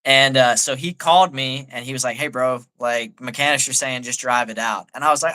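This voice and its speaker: A man's voice: mid-range voice, a little fast, hardly any pauses, bright, forceful tone. A man, an army staff sergeant, telling a story in a laid-back way as a guest on a live talk show, with lots of "like". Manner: laid-back, peppers speech with "like".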